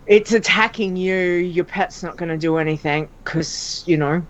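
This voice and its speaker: A woman co-hosting a casual gaming podcast, chatty and quick to laugh as she tells stories. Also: fairly low pitch. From Australia. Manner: chatty storyteller, laughs often. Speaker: podcast co-host. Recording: dull lo-fi voice call audio.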